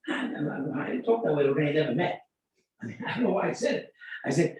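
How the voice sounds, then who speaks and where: An older man, a rabbi teaching an informal Torah class, telling stories and acting out dialogue in an animated way. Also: fairly high pitch, fairly quick, long pauses. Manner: animated storytelling, acts out dialogue. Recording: echoey room, mic at a distance.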